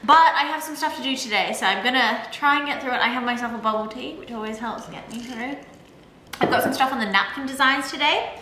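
A sleepy woman illustrator chats to her viewers from her home studio. Her tone is bright and slightly high, but the energy is low. She rambles loosely and leans on fillers. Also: echoey room, a little hiss or hum, rough recording. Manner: chatty, rambling with many fillers. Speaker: illustrator and vlog host. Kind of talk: casual vlog talk to camera.

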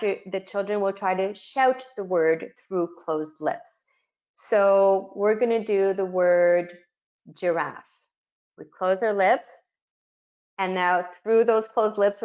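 A woman's voice: medium pitch, steady tone, a little slow, darkish tone, dull audio. A middle-aged woman giving an instructional webinar, explaining and sounding out speech sounds for educators. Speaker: webinar facilitator.

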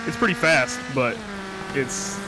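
Slightly high-voiced man on noisy voice chat. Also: big pitch swings, slow. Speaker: co-player. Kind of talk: casual chat over voice call.

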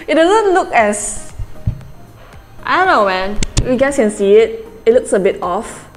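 A woman's voice: on the high side, big pitch swings, slow pace, pauses often, faint music behind. A young woman from Malaysia, chatting casually in a beauty vlog, rambling with lots of fillers. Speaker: beauty vlogger. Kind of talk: casual chat.

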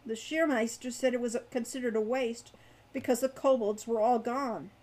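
A woman's voice: on the high side, moderate pace, noisy background, close to an everyday voice. A woman reading aloud, voicing an irritable young male rogue who speaks bluntly. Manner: impatient, blunt.

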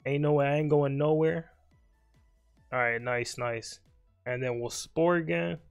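This young streamer has a slightly high, steady, creaky voice that's still clear and resonant, heard over faint music. He offers casual, joking commentary on his own live game, speaking to his opponent in quick mutters.

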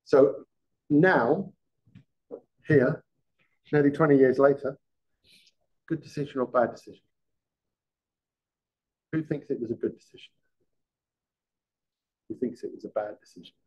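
A former police detective giving a conversational masterclass to a live audience, often quizzing them with questions. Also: male voice, mid-range voice, a little slow, long pauses. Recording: dull lo-fi sound.

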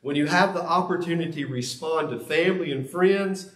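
A man's voice: a little high, brisk. A man pastor preaching a sermon, earnest and confessional, stressing key words by repeating them. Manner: confessional, earnest, with emphatic repetition. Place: church sanctuary. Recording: echoey church sanctuary.

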